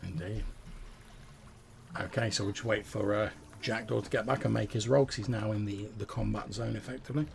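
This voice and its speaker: A man's voice: fairly low pitch, steady tone, fairly quick, creaky, a little hiss or hum. A man narrating a tabletop game as game master, describing the action with small hesitations.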